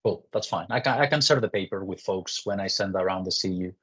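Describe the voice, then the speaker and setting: Male moderator, breathy and low, relaying questions politely. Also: brisk, fairly bright tone. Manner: polite, hesitant, many "uh" and "um". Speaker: session moderator. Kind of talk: reading audience questions.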